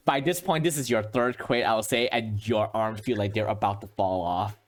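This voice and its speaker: A man narrating as game master, rambling with lots of fillers and soft chuckles. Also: fairly low pitch, normal speed.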